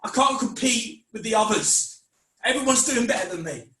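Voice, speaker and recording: A man voicing a guilt-ridden, self-doubting young man in an online script reading, halting and anguished. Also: high voice, lively intonation, sharp tone. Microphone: video call mic. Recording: echoey room, mic at a distance.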